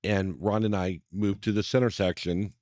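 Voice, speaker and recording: A middle-aged man co-hosting a casual chat, telling an animated story, swearing a lot and acting out what people said. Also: fairly low pitch, normal speed, no echo, clean studio sound. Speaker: podcast co-host. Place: cigar lounge.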